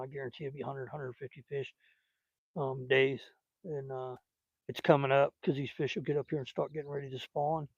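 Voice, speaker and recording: A man's voice: a little high, a little mellow, dry recording. A man hosting a casual fishing live stream outdoors by a lake, chatting in a folksy way and talking fondly to his dog, recorded on a phone. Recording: dull, dry phone audio.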